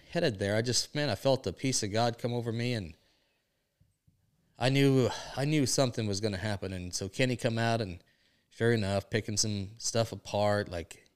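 A man with a lowish, smooth and resonant voice tells a faith testimony into a podcast mic. He speaks earnestly and strings his thoughts together with frequent "and, uh", like someone recounting a story that moved him. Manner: earnest storytelling, many "and, uh" links. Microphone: podcast microphone.

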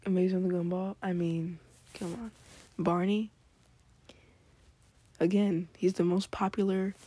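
A woman chatting excitedly in a hushed, whispery late-night ramble at home, trying not to be heard. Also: on the low side, slightly rough. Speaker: podcast host.

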